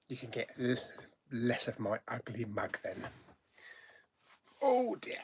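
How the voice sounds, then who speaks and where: Slow-talking man chatting on a stream. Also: mid-range voice, big pitch swings, creaky, sharp tone, a little hiss or hum. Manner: chatty, greets viewers one by one by name; easygoing, thinks aloud with ums and asides. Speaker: host of a live chat stream. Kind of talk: casual live-stream chat.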